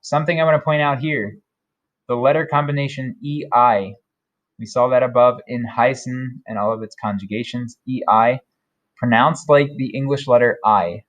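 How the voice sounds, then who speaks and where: A man teaching German vocabulary, repeating each word slowly and carefully. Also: mid-range voice, fairly even intonation, a bit bright, lo-fi sound. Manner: slow, careful modeling of German words. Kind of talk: vocabulary lesson.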